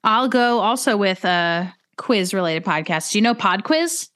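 A woman from the United States co-hosting a podcast in relaxed, upbeat chat. Her voice is smooth and clear, at a middle pitch. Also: unhurried. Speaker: podcast co-host. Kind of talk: casual chat.

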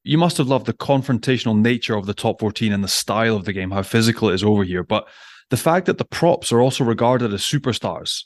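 A man's voice: on the low side, expressive, fast, dry recording. A man co-hosting a casual chat, jovial and teasing, laughing as he talks. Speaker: podcast co-host, former prop.

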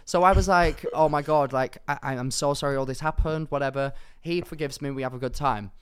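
A man's voice: a little high, a little fast, smooth. A young man from England co-hosting a podcast, telling a story animatedly and acting out what people said. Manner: animated anecdote-telling, acting out quoted lines. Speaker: podcast co-host. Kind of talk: casual storytelling chat.

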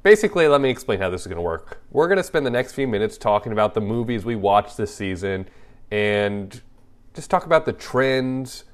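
Low-voiced man bantering on a podcast. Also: expressive, fairly quick, faint music behind. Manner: dry, teasing banter. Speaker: podcast co-host. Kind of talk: casual chat.

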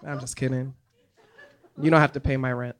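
A woman guest in a live podcast interview on a comedy club stage, talking in an animated, emphatic way with quick laughs. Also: extremely low pitch, a little hiss or hum.

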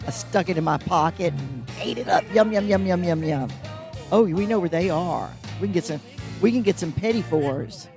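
A man's voice: on the high side, animated, moderate pace, creaky, music in the background. A man co-hosting a casual live broadcast from an old theater, talking into a handheld microphone in a playful, rambling, joking way. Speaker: co-host, honorary mayor. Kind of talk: casual on-site chat. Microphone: handheld mic.

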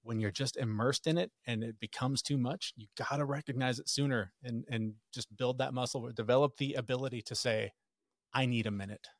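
A man in his thirties, a podcast guest telling a family story in casual conversation, lively when he quotes others. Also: mid-range voice, a little fast, dry recording, clean studio sound.

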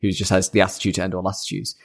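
A man co-hosting a podcast in casual chat, relaxed and enthusiastic as he recaps scenes. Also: low-pitched, racing, gravelly. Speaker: podcast co-host.

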